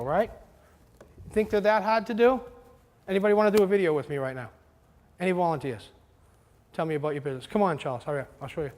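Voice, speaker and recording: A man with a high voice leads a live workshop in a large hall, talking with energy and often checking in with the room. His words ring out with a long reverb behind them. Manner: energetic, asks the audience questions. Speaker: marketing seminar presenter.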